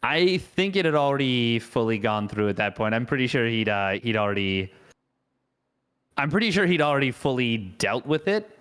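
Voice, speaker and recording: Male esports caster, mid-pitched, playful and chatty, riffing live. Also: sing-song, moderate pace, a bit bright, clear, resonant tone. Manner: playful, jokey, rambling.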